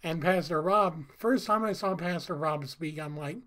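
A man talking earnestly in a casual vlog, halting often and breaking into little laughs between phrases. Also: on the high side, a bit bright. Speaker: vlogger. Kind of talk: casual heartfelt vlog talk.

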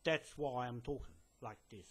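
A man's voice: mid-range voice, moderate pace, a bit bright, breathy edge. Kiwi guy talking straight to camera inside a building, lots of ums, keeps restarting, lectures like he's laying down the law. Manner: rambling, hesitant, with many fillers and restarts; insistent, emphatic and lecturing. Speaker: land claimant addressing a police detective. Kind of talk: direct-to-camera message. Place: indoors in a building.

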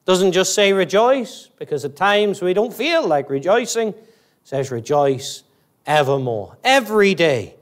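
At an evening church service, a man delivers a fervent, emphatic evangelical sermon at normal speed. His intonation is lively, he poses rhetorical questions to his listeners, and his voice climbs high on exclamations.

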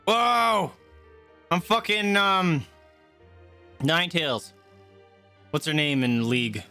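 A game streamer giving excited live commentary while playing, swearing often and squealing and yelping at the action. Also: medium pitch, slow pace. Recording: loud game music behind the voice.

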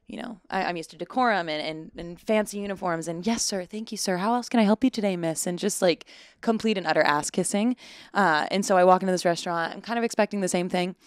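Young woman chatting on a podcast, playful, laughs a lot, kinda low smooth voice. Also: no echo, clean studio sound. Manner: animated, playful, laughs often. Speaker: podcast guest, actor. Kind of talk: casual chat.

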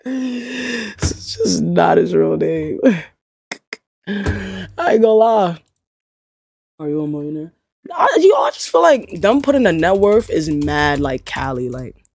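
A woman's voice: low-pitched, sing-song, unhurried, pauses often, a little mellow. A young woman chatting casually to her livestream chat, slangy and swearing, often laughing in disbelief. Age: young adult. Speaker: streamer.

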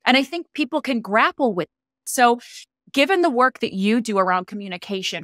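Podcast host: woman, mid pitch, encouraging and conversational, dry close sound. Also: fairly bright tone, no echo. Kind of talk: casual interview conversation.

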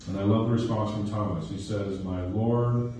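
A male pastor's sermon echoes through a recreation center used for church services, captured from a distance in a very reverberant hall with slight background noise. His fairly low, slightly mellow voice is steady and brisk, and he keeps asking "okay?" and "right?" while repeating phrases for emphasis.

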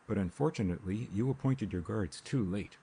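A man's voice: fairly low pitch, fairly quick, mellow, a little hiss or hum, natural voice. A man voicing a self-assured young man who answers in short, dry replies. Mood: curt.

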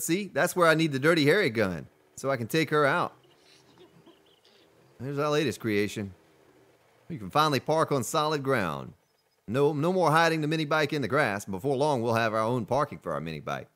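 A man with a deep voice streaming a survival game, chatting casually and greeting viewers from chat. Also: lively intonation, moderate pace, fairly bright tone. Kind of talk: casual live-stream commentary.

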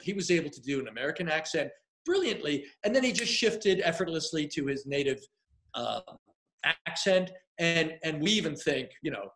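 A middle-aged man, a casting director and coach, answers questions in a candid livestream chat. His voice sits a little high for a man, and he leans hard on key words while circling back through fillers and restarts. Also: very animated, normal speed, fairly bright tone. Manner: emphatic, conversational, with filler and restarts.

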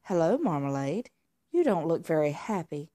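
A woman's voice: deep voice, sing-song, moderate pace, mellow, dry recording, studio quality. A very polite male tabby cat from a children's storybook , as a woman reading aloud puts him on. He asks questions in a careful, well-mannered way.

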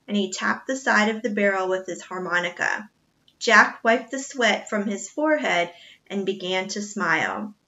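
A woman reads a children's novel aloud with expressive storytelling. Her voice is bright and clear, and it sits at a middle pitch. The recording is somewhat dull and lo-fi. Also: moderate pace. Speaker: reader.

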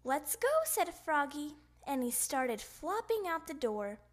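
A woman reads a children's storybook aloud at an unhurried pace. Her high voice rises and falls a great deal, and she plays up the sound effects in a playful way. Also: very animated. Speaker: storybook reader.

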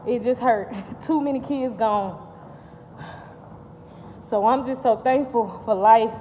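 A woman's voice: a little high, takes it slowly, warm tone, in a large hall, a little hiss or hum. A woman vlogging while she walks on a treadmill at the gym, talking upbeat and thankful about moving her body and self-care. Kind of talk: casual vlog while working out.

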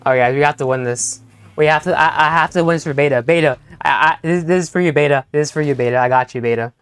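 A young man streaming a game live, talking to his teammates and chat in an excitable, stammering way that repeats itself. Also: fairly high pitch, fast, smooth. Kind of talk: live gameplay commentary.

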